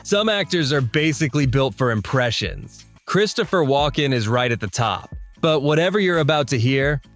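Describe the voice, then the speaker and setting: A man reading scripted voice-over narration in a smooth, even, promotional way. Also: mid-range voice, normal speed, faint music behind. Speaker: compilation narrator.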